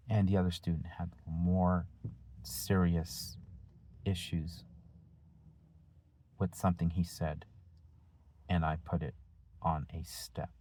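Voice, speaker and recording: A male teacher giving a deliberate, firm talk to his students, using rhetorical questions and pauses. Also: deep voice, dark tone, no echo. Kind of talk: lecture-style talk to students.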